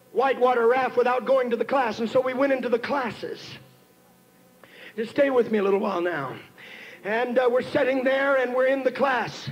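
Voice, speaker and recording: A man preaching a sermon, telling a story and building to shouted emphasis as he calls on the congregation. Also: extremely high pitch, muffled recording. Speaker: pastor. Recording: 1990s church sermon tape with faint hiss.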